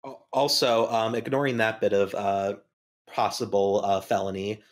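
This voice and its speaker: A podcast co-host who talks in a halting way, with lots of fillers, in a casual chat. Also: medium pitch, flat delivery.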